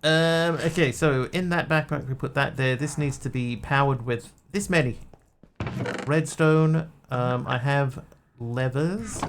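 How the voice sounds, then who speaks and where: A man's voice: mid-range voice, a little slow, slight background noise. A man streaming a game, rambling and talking to himself as he plays. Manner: rambling, talks to himself while playing. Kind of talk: casual gameplay commentary.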